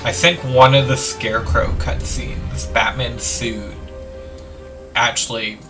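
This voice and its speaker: A man's voice: mid-range voice, steady tone, takes it slowly, far from the mic, music in the background. A man hosting a let's play, rambling casually with lots of "like" and the odd swear word. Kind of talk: casual gameplay commentary.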